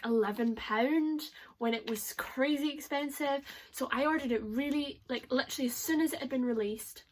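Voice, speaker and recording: A young woman vlogging about books in a chatty, excitable way, laughing often. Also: high-pitched. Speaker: book vlogger. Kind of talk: casual chat to camera.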